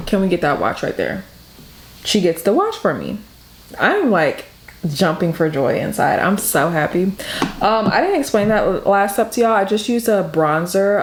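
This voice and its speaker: A young woman from the Detroit area, chatting through a makeup tutorial while telling a story with lots of "like". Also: mid-range voice. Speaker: beauty vlogger. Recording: echoey room.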